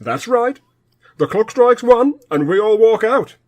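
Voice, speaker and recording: A man's voice: sits high, animated, measured pace, a little mellow. A man playing a fussy, indignant worker who keeps quoting the employee handbook. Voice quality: pedantic, indignant. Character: fussy rule-quoting male clock worker. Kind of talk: sketch comedy acting.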